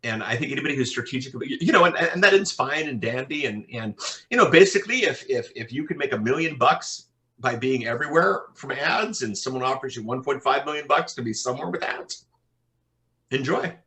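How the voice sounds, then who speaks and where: A man, a podcast consultant, telling animated anecdotes in an interview, often repeating his words as he goes. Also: medium pitch, brisk. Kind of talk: interview storytelling.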